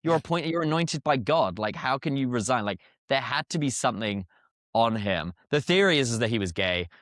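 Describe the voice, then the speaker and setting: A young English man, a podcast guest, chatting casually with laughing asides and quick restarts. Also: medium pitch, expressive, a bit bright, no room sound, clean studio sound. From England. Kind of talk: casual interview chat.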